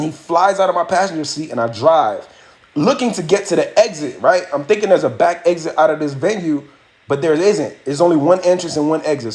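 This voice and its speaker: A man hosting a livestream, telling a story casually and animatedly, full of profanity and acted-out quotes. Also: on the high side. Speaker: livestream host. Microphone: phone or webcam mic.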